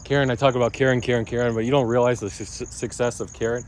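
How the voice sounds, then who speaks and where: A man's voice: mid-range voice, flat delivery, fast talker, slight background noise. A man vlogging about crypto and his day in a loose, digressive monologue full of restarts and asides. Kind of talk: casual rambling monologue.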